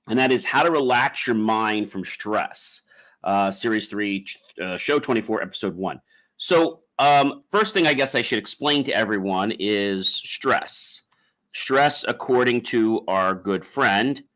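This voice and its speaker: A man hosting a solo podcast, rambling with frequent ums and uhs and guiding listeners through slow breathing. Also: lowish voice, a bit bright. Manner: leads a slow guided breathing exercise. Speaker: podcast host.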